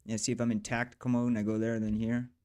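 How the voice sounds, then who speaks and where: A man's voice: mid-range voice, little pitch movement, very fast, clean tone. A man narrating his game development work in a casual devlog, swearing and grumbling in exasperation as he goes. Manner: profane, exasperated grumbling at the software.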